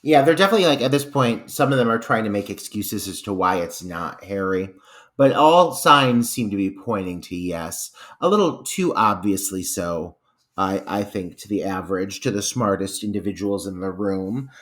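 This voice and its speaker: A man chats about a movie on a podcast in a casual, meandering way. His voice sits somewhat low, and his phrasing is loose and full of fillers and restarts as he works out his point. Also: lively intonation, normal speed, a bit bright. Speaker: podcast co-host. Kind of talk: casual film discussion.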